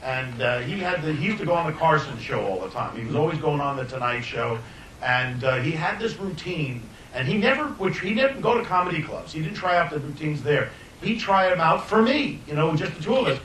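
An older man, a filmmaker, telling anecdotes in an animated way, often laughing and restarting his sentences. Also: a little fast. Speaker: filmmaker guest. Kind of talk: anecdotal storytelling. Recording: roomy distant mic, faint rumble.

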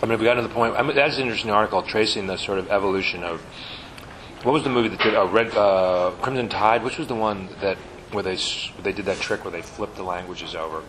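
A man as guest in a casual film chat, talking quickly and restarting his sentences often. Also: lowish voice. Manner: quick, restarting, self-interrupting. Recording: background noise with dish clatter.

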